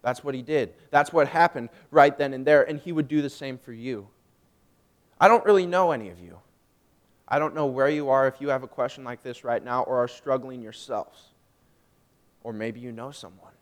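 A young man giving a personal faith testimony, emotional and swinging from hushed, drawn-out phrases to loud, emphatic ones. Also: medium pitch. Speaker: student speaker giving testimony.

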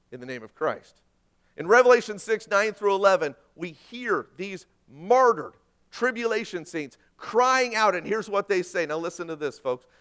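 A man preaching a sermon, swinging between quiet asides and loud, dramatic questions. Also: high-pitched, smooth. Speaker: pastor.

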